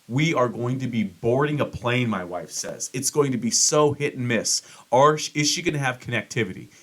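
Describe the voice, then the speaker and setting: A middle-aged man hosting a podcast, telling a rambling, profane story and acting out quotes with big jumps in pitch. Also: fairly bright tone. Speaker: podcast host. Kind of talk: casual monologue.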